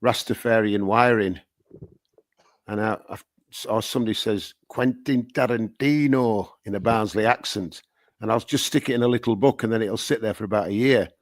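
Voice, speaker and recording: A man's voice: fairly low pitch, steady tone, fairly quick, no room sound. Rambling, playful male songwriter. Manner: rambling, playful, many repeated words. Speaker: guest songwriter. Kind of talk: conversational interview answers.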